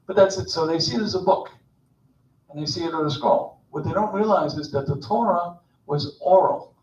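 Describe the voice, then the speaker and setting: A man's voice: on the high side, a little hiss or hum. Man giving a chatty sermon from far off. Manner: conversational, digressive, joking asides. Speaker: speaker at Shabbat service. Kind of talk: informal sermon. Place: temple sanctuary. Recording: distant, echoey, dull.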